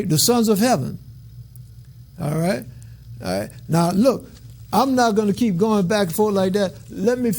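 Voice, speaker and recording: Reading from scripture in a sermon, a male Bible teacher keeps pausing for casual, colloquial asides and regular check-ins. His voice is high and a little mellow.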